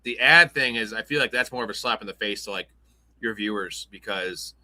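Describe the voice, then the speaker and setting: A man's voice: on the low side, fairly quick, bright, forceful tone. A young man hosting a casual live-stream show, joking and rambling through loose banter. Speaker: host.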